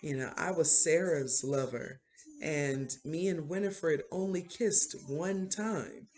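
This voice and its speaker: Man putting on a grumbling undead man, slightly raised voice, slow rambling complaint. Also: a little high, darkish tone. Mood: aggrieved. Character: undead man, wronged and weary.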